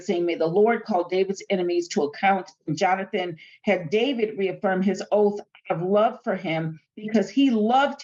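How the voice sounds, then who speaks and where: A woman's voice: medium pitch, a little mellow, highs cut off. Chatty woman teaching a Bible study. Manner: chatty and colloquial, retelling the story in everyday terms. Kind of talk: casual Bible study teaching, reading scripture aloud.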